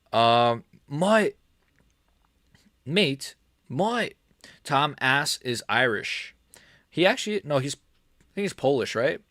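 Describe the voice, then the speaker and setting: A male MMA streamer rambles loosely about fights during a casual livestream, cracking crude jokes and trailing off mid-thought. His mid-range voice has lively intonation and a sharp tone, and he talks slowly with long pauses. The sound is dry and close.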